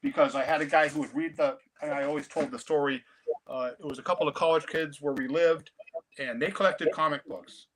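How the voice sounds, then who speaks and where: A man's voice: fairly high pitch, a little fast, a little hiss or hum. Storytelling man in his fifties. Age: 50s. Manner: storytelling, animated. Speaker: comic collector guest. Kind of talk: casual chat.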